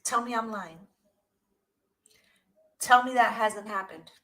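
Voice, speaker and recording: A woman's voice: fairly high pitch, slow pace, a bit bright, rough recording. A woman giving a casual spoken tarot reading. She is emphatic and profane and keeps asking "right?". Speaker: tarot reader.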